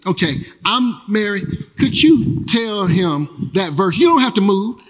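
Man preaching, high voice, long church-hall reverb, energetic, repeats phrases. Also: unhurried. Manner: energetic, swinging between loud calls and quiet earnest lows; repeats phrases and restarts with a casual preaching rhythm. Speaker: pastor. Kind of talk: sermon. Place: church sanctuary.

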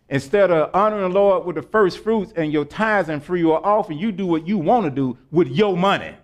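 A man preaching in with a high voice that leaps up and down. He laughs often and pulls his listeners into call-and-response. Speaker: pastor. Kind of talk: sermon.

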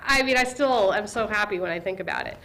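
A woman being interviewed as a librarian, telling stories with lively energy and briefly imitating the excited kids she works with. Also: medium pitch, fast talker. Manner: animated storyteller, acts out kids' voices with excitement. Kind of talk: conversational interview.

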